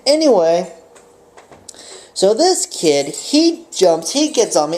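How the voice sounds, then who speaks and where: A man's voice: sits high, very animated, slow, a little mellow. A guy telling a fight story to the camera in a vlog, acting out the action with sound effects. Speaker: vlogger.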